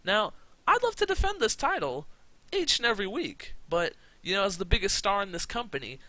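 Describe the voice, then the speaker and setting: A man voicing a cocky, boastful male wrestling champion who talks loud, brash and mocking. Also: on the high side, rough recording.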